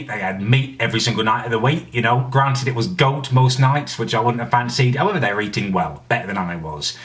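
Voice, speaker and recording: A young man hosts his own vlog, delivering dry, sardonic commentary full of indignant asides. His voice sits on the low side. He is picked up from a little way off the mic. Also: a bit bright, recorded from a distance. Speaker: vlogger host. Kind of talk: casual comedic vlog commentary.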